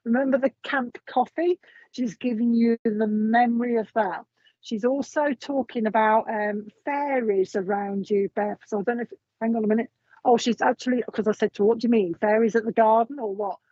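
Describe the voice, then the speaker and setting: Chatty woman medium, slightly high voice. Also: normal speed, darkish tone, no echo, highs cut off. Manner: chatty, meandering, relays messages with frequent ums. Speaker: psychic medium. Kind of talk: live mediumship reading.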